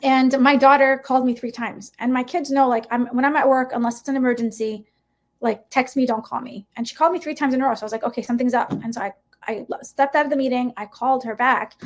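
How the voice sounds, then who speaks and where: High-pitched woman, middle-aged, impassioned and emphatic, podcast interview guest. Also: fairly even intonation, fast talker. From United States. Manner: impassioned, emphatic, frequent rhetorical "right?". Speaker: guest educator.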